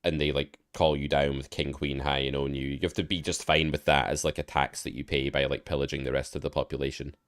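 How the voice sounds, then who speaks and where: Very deep-voiced blunt male poker coach. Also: flat delivery, fast talker, few pauses, clear, resonant tone, no room sound, studio quality. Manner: blunt, swears casually. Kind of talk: casual coaching over a call. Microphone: online call.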